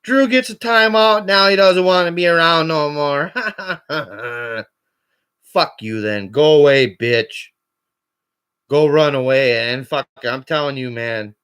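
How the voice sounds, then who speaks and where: A man's voice: on the high side, slow, clear, resonant tone. Furious swearing man ranting on a call-in line. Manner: swears constantly, rising to shouting. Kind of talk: angry profane rant.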